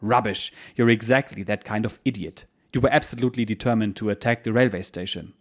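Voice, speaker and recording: A stern male squadron skipper with a curt, brusque delivery, read by a man in his own low voice. The figure stays close to the narrator's plain tone. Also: fairly quick, close to an everyday voice. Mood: scolding.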